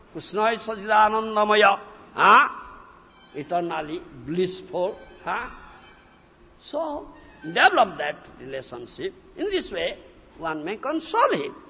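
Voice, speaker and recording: A man's voice: extremely high pitch, slightly rough. A man giving a devotional sermon, stressing points emphatically and often breaking in with "huh?" and "isn't it?". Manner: emphatic, frequent questioning "huh?" and "isn't it?" asides. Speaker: spiritual teacher. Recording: reverberant, dull lo-fi lecture recording.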